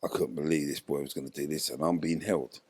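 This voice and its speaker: A man's voice: very deep voice, fast, breathy edge. An older man, telling a story in an interview and acting out what people said. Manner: animated retelling, acts out quoted dialogue. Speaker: interview guest, former footballer.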